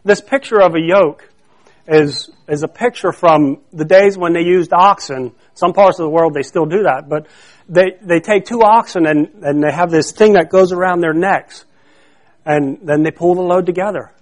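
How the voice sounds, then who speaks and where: A pastor with a notably high voice preaches a sermon in church in a conversational way. He often repeats and restarts his phrases, pausing to have the congregation call out the missing word.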